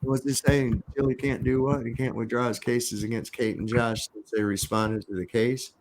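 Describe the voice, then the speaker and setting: A man's voice: medium pitch, level tone, moderate pace, noisy background. Laid-back, profane livestream host man. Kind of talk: casual livestream chat.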